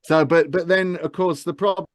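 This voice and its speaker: A man's voice: fairly high pitch, fairly even intonation, normal speed, no room sound, clean studio sound. A man, an audiobook narrator, giving enthusiastic, rambling advice in a casual interview, with many restarts.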